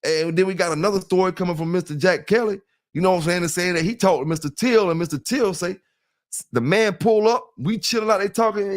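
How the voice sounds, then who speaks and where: A middle-aged South Carolinian with a Southern US accent and a fairly high voice hosts a loose, rambling livestream at a brisk pace. He greets chat members, checks in with listeners often, and repeatedly asks "you know what I'm saying."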